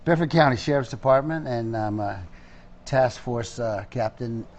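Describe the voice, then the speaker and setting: Excitable older man rambling in interview. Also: mid-range voice, moderate pace. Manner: excitable, rambling with frequent restarts. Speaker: actor interviewed about a film. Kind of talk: casual interview.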